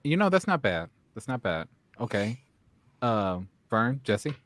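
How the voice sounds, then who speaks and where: A male podcast host chats casually with friends and tosses them playful questions. His voice is lively and swings up and down. The recording is dry and close, with no room sound. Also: lowish voice, unhurried, no room sound. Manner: playful, asks questions and repeats others' phrases. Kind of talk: casual chat.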